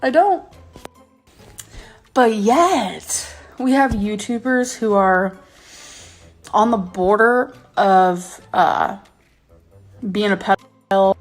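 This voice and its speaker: A woman's voice: mid-range voice, takes it slowly, long pauses, soft background music. A woman in her thirties ranting angrily to camera in a vlog, swearing and stressing her words. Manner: angry, profane, emphatic rant. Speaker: YouTuber.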